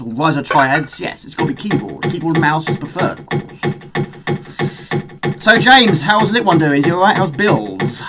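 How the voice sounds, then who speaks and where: A chatty middle-aged man streaming a game and talking with his viewers as he plays. His voice sits high for a man and swings up and down a lot. Game music plays clearly behind him. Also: a bit bright. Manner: chatty, reads out viewer chat while gaming. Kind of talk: casual live-stream chat.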